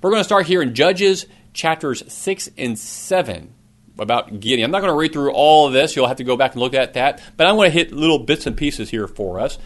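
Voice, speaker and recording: A man's voice: fairly high pitch, expressive, brisk. A middle-aged man preaching a sermon, earnest, asking his listeners questions, with a cough now and then. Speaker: pastor.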